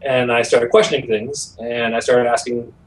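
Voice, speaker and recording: A middle-aged man, a podcast guest, telling a personal story in a casual, animated way, acting out the voices he quotes. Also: mid-range voice, normal speed, distant mic, rough recording.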